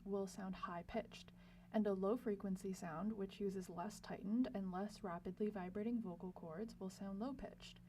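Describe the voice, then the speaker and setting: A young woman presenting a scripted educational lesson in a clear, measured explanatory way. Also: medium pitch, mellow. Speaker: lab student presenter. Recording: slightly distant mic with faint hum.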